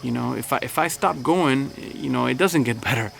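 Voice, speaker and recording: A man speaking as a pastor in a relaxed, chatty devotional talk with many fillers. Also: mid-range voice, moderate pace, gravelly, slight background noise.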